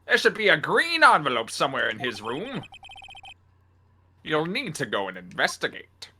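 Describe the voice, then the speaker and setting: A man's voice: on the high side, wildly swooping pitch, normal speed, bright, forceful tone, a little hiss or hum, full character voice. A man reading as a chatty young sidekick girl. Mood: plain. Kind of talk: reading game dialogue aloud.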